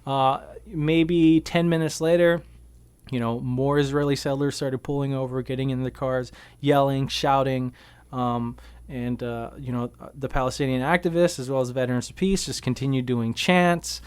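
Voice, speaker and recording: A man who is a veteran activist, casually retelling events in a radio interview, with many fillers and animated bursts. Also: medium pitch, moderate pace, smooth, dry recording. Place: radio studio.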